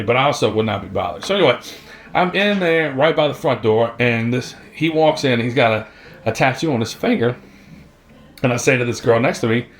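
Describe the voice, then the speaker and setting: A man, a tattoo artist telling a story from his youth in a blunt, profane, laid-back way. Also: medium pitch. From Virginia, US. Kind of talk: casual storytelling.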